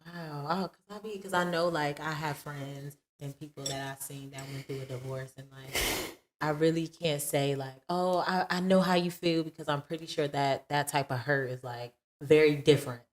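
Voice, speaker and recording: A podcast host with a low voice chats casually at normal speed, expressive and laughing, with some offhand swearing. The room she's recording in is echoey.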